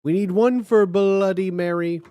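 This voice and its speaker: A streamer reading fan fiction aloud on a live stream, chatty and excitable, talking straight to the chat. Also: medium pitch, measured pace, dry recording.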